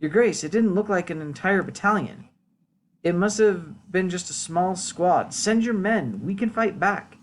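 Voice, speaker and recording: A man's voice: high-pitched, unhurried, slight background noise, voice pushed up. A man doing a frantic, indignant villager. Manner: urgent, indignant. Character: frantic male villager whose village was raided.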